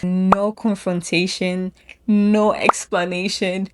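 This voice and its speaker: A woman's voice: mid-range voice, flat delivery, slow, background noise. A woman hosting a casual explanatory commentary in a chatty way, correcting herself now and then. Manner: chatty, self-correcting, laughs at own phrasing. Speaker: host.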